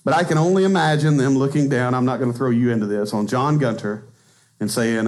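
A man's voice: mid-range voice, fairly quick, darkish tone. A man in his thirties with a Texan accent, preaching a conversational sermon in a church and laughing at himself now and then. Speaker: pastor. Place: church sanctuary.

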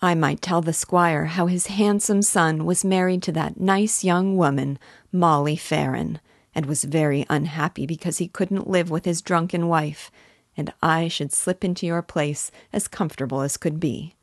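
A woman's voice: sits low, steady tone, moderate pace, no room sound, studio quality. A woman reading the lines of a mocking, tipsy young man who sneers at his brother.

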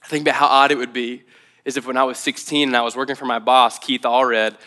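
A young man preaching a sermon as pastor, telling a personal story in an animated, conversational way. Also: medium pitch, fast. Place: church.

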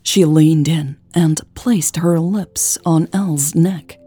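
Low husky woman narrating in a hush. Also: takes it slowly. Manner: hushed, half-whispered delivery. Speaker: audiobook narrator. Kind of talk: intimate romance audiobook narration.

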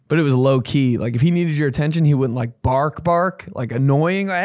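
A young man hosts a comedy podcast, telling a rambling, profane story and leaping into silly voices with big pitch jumps. His brisk voice has a darkish tone, recorded dry with clean studio sound.

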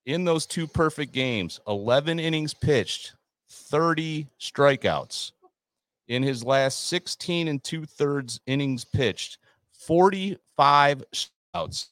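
A man co-hosting a casual sports and trading card podcast, joking in a deadpan way. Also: fairly high pitch, slow pace, no echo. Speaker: podcast co-host.

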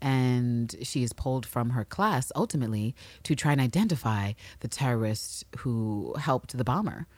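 Podcast co-host, woman, low and dry, lively and swearing in bursts. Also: normal speed, few pauses, no room sound. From New York City. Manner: animated, swears, bursts of excitement. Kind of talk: casual TV recap chat.

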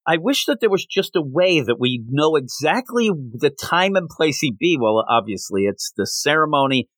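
A man's voice: on the high side, moderate pace, no echo, poor audio. A man co-hosting a podcast, casually discussing a comic book and acting out its lines as he retells it. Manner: animated retelling, acts out quoted lines. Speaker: podcast co-host.

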